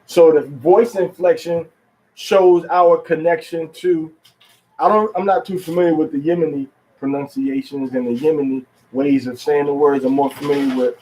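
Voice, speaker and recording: A man with a somewhat high voice gives an informal religious lesson to a group. He talks in a halting way, filling gaps with ums and going back over the same word several times. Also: steady tone, warm tone, low-quality recording. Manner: halting, many fillers and repeated words. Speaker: religious teacher.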